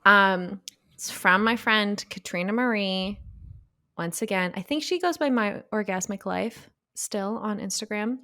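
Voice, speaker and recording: A woman's voice: medium pitch, a little slow, pushed and bright. A woman co-hosting a podcast in casual chat, rambling, laughing and poking fun at herself. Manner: rambling, laughing, self-mocking. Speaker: podcast co-host.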